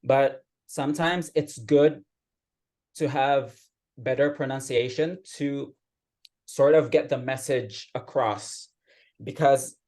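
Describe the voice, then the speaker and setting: A man giving a patient, explanatory grammar report as club grammarian at an online meeting, speaking over a video call. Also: medium pitch. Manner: patient explaining, steady teacherly tone.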